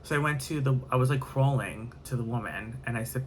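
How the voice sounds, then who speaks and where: A man's voice: medium pitch, a little fast, few pauses, slight background noise. A man telling a candid, rambling story in a casual vlog, sparing no graphic details.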